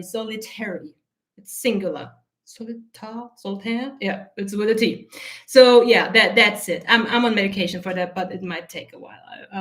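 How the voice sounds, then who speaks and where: Woman coach with a high voice, blunt and sweary, animated, teary-eyed from an allergy. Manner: blunt, heavily profane, animated. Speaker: self-concept coach. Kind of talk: casual spoken monologue.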